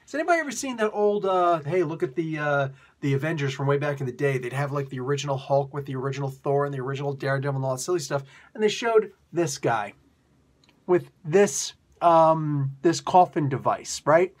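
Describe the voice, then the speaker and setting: A man casually reviewing a comic book for his video channel, excitable and rambling, laughing often. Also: a little high, fairly quick.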